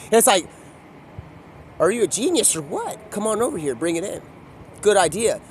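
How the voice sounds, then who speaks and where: A young man with a notably high voice rambles through a profane, excitable monologue, sliding from low mumbles into loud outbursts. He talks outdoors with faint city sound in the background. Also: moderate pace, slight background noise.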